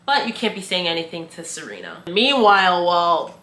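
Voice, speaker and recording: A woman's voice: lowish voice, big pitch swings, brisk, fairly bright tone, reverberant. A young woman giving a casual, opinionated recap of a reality show, full of slang and filler "like".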